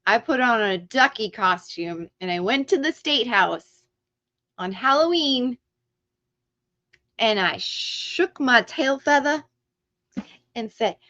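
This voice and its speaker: Slow ranting woman, lo-fi stream audio. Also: on the high side, a bit bright. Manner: heated, ranting, swears freely. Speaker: livestream host. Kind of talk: ranting livestream talk.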